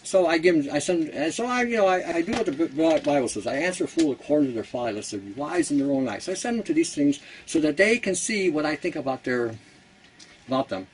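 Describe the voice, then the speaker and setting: A man's voice: fairly high pitch, animated, quick pace, far from the mic, a little hiss or hum, rough recording. A Canadian man hosting a casual how-to talk, blunt and rambling, who laughs at his own jokes. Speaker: host.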